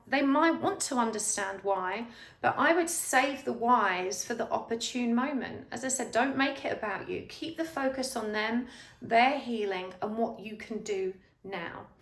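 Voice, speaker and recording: A woman's voice: a little high, reverberant. A woman giving a pick-a-card tarot reading, speaking straight to the viewer with earnest, reassuring advice. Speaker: tarot reader.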